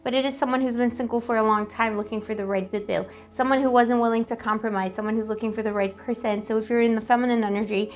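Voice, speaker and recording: A woman's voice: on the high side, fairly even intonation, fast, hardly any pauses, faint music behind. A woman giving a casual, rambling tarot reading to the camera, playful and affectionate, full of pet names and giggles. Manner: giggly, self-teasing. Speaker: tarot reader.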